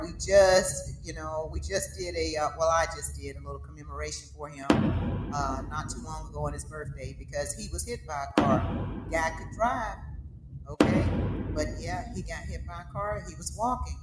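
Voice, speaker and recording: A woman's voice: low voice, moderate pace. Fired-up Southern woman commentator. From American South. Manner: emphatic, conversational, rhetorical questions to the audience. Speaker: commentary show host. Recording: echoey room with music behind.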